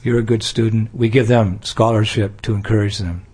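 A man's voice: on the low side, steady tone, moderate pace, a little mellow, breathy edge. An older American man giving a devotional talk, playful, acting out little scenes and laughing along. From United States. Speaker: spiritual teacher.

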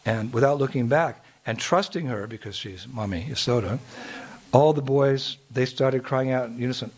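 A man's voice: mid-range voice, moderate pace, a little hiss or hum. A man telling a devotional story, chuckling often and restarting his sentences. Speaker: spiritual storyteller.

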